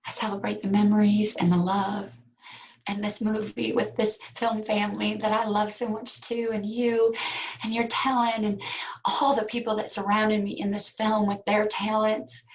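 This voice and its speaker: A woman guest in an interview, speaking heartfelt and reflective, with pauses and fillers. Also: medium pitch, flat delivery, highs cut off. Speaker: actress guest. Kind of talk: interview conversation.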